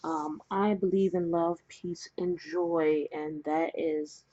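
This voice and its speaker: A woman's voice: deep voice, steady tone, slow pace, hardly any pauses, mellow, dull audio. A woman giving a casual spoken tarot reading at home, chatty and rambling, with many fillers and apologies. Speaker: tarot reader. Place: indoors at a table with cards. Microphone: camera mic, face not shown.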